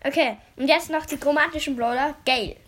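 A woman's voice: high-pitched, fast, fairly bright tone. A woman hosting a casual podcast, playfully repeating game voice lines and giggling between them. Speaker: podcast host.

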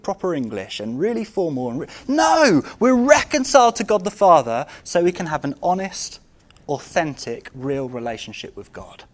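Speaking in a high-pitched voice, a preacher delivers a sermon full of rhetorical questions aimed at his congregation, alternating loud outbursts with quiet, intimate passages.

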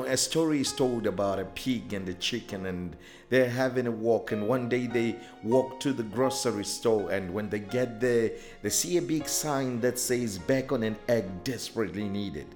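A man speaking as a pastor, telling a short story and then leading a fervent prayer in a devotional sermon. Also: mid-range voice.

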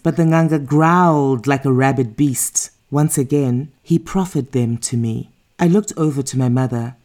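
A woman reading a first-person story aloud in a calm, measured way. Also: rumbling low. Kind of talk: scripted first-person narration.

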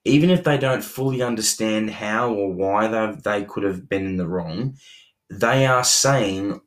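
Earnest young male co-host, slightly low voice, halting and repetitive delivery. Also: a bit bright. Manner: earnest, many restarts and repeated words. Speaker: podcast co-host. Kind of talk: relationship advice chat.

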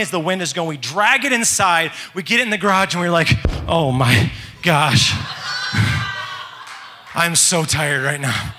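A father telling a family story in an animated, excitable way. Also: high-pitched, long reverb tail, a little hiss or hum. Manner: animated, excitable, fast-shifting delivery. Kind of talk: casual storytelling.

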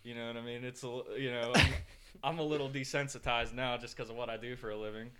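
A man's voice: mid-range voice, fairly even intonation, fast, a bit bright, slight background noise. A man co-hosting a podcast, telling rambling stories in casual chat, swearing freely and making mock threats. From northern United States. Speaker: podcast co-host.

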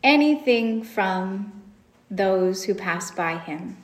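A woman's voice: mid-range voice, lively intonation, takes it slowly. A woman preaching a sermon, retelling a story in a reflective way and asking rhetorical questions.

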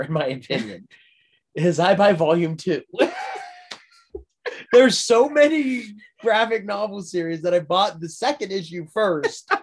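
A young man in casual podcast chat, rambling through a story with many fillers and frequent laughs. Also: sits high.

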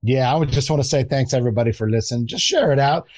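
A man co-hosting a casual live audio chat, speaking in a relaxed, earnest, halting way. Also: medium pitch, no room sound. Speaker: co-host.

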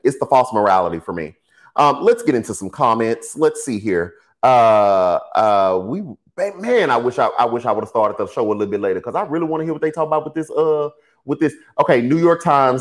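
A man hosting a casual political livestream, talking to his chat in an animated, sassy way. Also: medium pitch. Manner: animated, sassy, addresses chat as y'all and baby.

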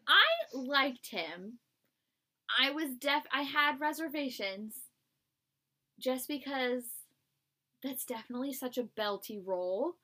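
A young woman co-hosting a podcast in casual chat, chatty and giggly, with quick asides. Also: high voice, sharp tone. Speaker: podcast co-host.

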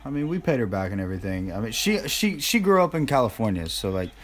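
A young man co-hosting a podcast, making dry, laid-back deadpan remarks. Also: on the low side, quick pace, crowd noise. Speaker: podcast co-host. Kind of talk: casual podcast chat.

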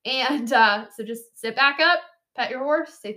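A woman's voice: high-pitched, a little slow. A woman hosting a horse training podcast, giving casual, chatty coaching with frequent laughs and "right?" asides. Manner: chatty, animated, laughs often, says "right?" and "like".

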